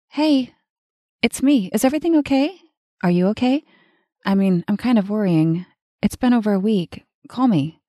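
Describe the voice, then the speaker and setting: A woman's voice: mid-range voice, warm tone, dry recording, clean studio sound, voice pushed up, lightly acted. Woman voicing an anxious lovesick woman on voicemail. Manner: pleading, then swearing in frustration.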